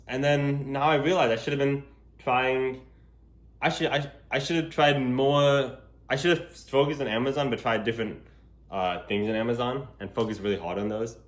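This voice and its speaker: A man's voice: medium pitch, moderate pace. Rambling young man vlogging on the move. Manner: rambling, frequent "like" fillers. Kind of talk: casual walking vlog. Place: outdoors in public. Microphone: gimbal camera held while walking.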